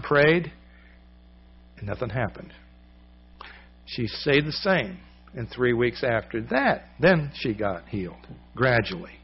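Guy preaching, telling stories, slightly dull lo-fi sound, voice sits mid pitch. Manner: storytelling, acts out quoted voices, conversational. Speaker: pastor. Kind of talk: sermon.

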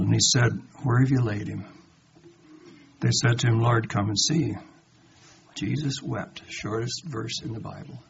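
A man's voice: mid-range voice, gravelly. A man giving a conversational Bible study sermon, reading verses aloud and then commenting with rhetorical questions, and acting out the quoted lines. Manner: dramatizes quoted lines in a lively voice. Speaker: Bible teacher. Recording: dull lo-fi recording with faint background noise.

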